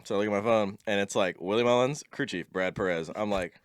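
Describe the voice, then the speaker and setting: A man with a somewhat low voice chats casually as a podcast guest, recounting stories in a loose, laid-back way. He laughs easily and leans on "like" as filler. The sound is close and dry. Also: a little fast, clear, resonant tone, no room sound. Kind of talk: casual storytelling chat.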